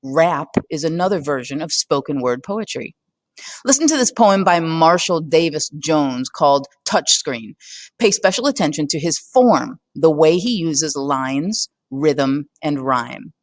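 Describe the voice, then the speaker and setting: A woman's voice: sits low, expressive, a little slow, dry recording. A woman narrating a scripted poetry lesson in a conversational way, often putting questions to the listener. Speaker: teacher.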